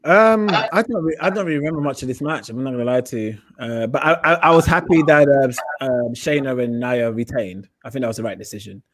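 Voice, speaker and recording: A man's voice: mid-range voice, quick pace, few pauses, dry recording. A man hosting a wrestling podcast, chatting emphatically and repeating himself. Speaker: podcast host. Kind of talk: casual chat.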